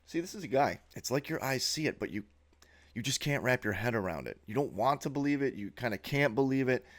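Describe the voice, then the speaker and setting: A man's voice: mid-range voice, lively intonation, fairly quick. A man giving a sneering, profane monologue while narrating a slideshow as a video host.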